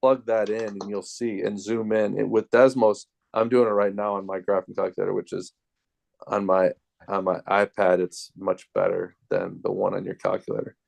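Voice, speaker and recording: A man tutoring math over a video call, explaining things step by step in a relaxed way. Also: on the low side, normal speed, vocal fry. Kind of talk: casual tutoring session.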